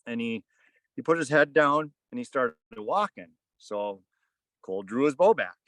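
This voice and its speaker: A man's voice: medium pitch, animated, a little slow, fairly bright tone, no echo. A man in his thirties or forties, a podcast guest, telling a casual story in a rambling way full of "kinda" and "like.". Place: on a fishing boat.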